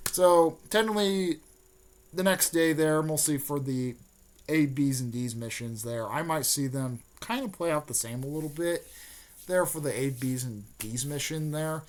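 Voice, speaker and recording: A man's voice: on the high side, animated, measured pace. A young man, a YouTuber, casually retelling a plot in a rambling way full of fillers and restarts.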